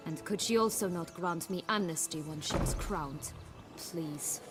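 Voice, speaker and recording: An actress playing a scheming, exiled princess in a video game, sardonic and teasing. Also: female voice, fairly low pitch, a little slow, big-room sound, close to an everyday voice. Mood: mocking. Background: game music.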